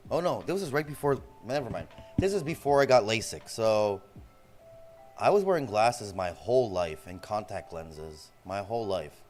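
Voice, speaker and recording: Animated, profane man in his forties. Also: on the low side, moderate pace, soft background music. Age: 40s. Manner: loose, profane, animated, says "bro" a lot. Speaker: streamer. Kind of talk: casual storytelling chat.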